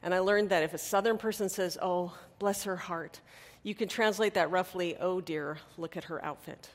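A woman's voice: on the low side, normal speed. Conversational woman preaching in a reverberant hall. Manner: conversational, animated preaching with humor. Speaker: pastor. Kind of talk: sermon. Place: church hall.

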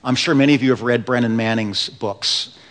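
A man preaching a sermon in a church, telling stories earnestly, dropping to a hush and then building with emphasis. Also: mid-range voice, fairly quick. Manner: earnest storytelling preacher, swings between hushed and rising emphasis. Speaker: pastor. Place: church sanctuary. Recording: long reverb of a large hall.

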